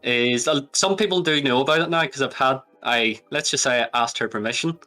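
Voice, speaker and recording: A man being interviewed as a guest, with a bright, forward tone. He hedges playfully and laughs often over faint music in the background. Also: medium pitch, a little fast. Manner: hedging, teasing, laughs often. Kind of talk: casual chat.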